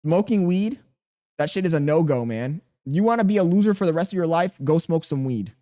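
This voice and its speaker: A man's voice: on the high side, a little fast. A man live streaming, reading his chat aloud and bantering back in profane, slangy talk. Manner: slangy and animated.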